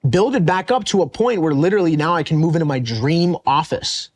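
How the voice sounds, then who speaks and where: A young man with a slightly high voice talks through his own story on a podcast. He is blunt and animated, and drops curse words freely as he goes. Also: fairly quick. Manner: animated and blunt, swears often. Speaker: podcast guest, real estate wholesaler. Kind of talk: casual interview storytelling.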